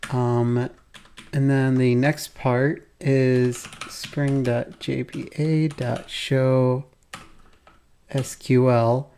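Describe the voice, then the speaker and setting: A man's voice: medium pitch, little pitch movement, drawn-out words, warm tone, slight background noise. A man hosting a code-along programming tutorial, thinking aloud as he types, with keyboard typing behind him.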